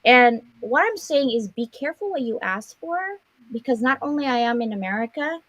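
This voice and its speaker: Husky middle-aged woman, from the Philippines, animated storyteller, dry close sound. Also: a little high, normal speed, no room sound, low-quality recording. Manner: animated, acts out quotes, laughs. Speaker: guest sharing a life story. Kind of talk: personal storytelling.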